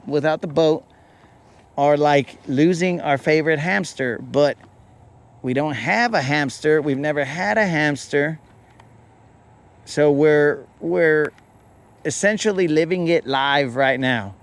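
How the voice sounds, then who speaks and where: A man hosting a fishing show rambles through a playful, made-up story in casual slang. His voice sits a little high for a man and stays loose and chatty. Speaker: fishing podcast host.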